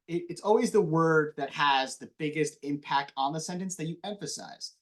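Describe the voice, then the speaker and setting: Guest-teaching a class, this man, a TV news anchor, lectures casually. He has a fairly high voice and talks fast and animatedly, mumbling slightly.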